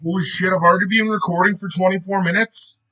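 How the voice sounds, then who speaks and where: A man's voice: high voice, steady tone, fast, bright, forceful tone, low-quality recording. A man reading a book aloud in a casual way, often breaking off to joke, swear and laugh.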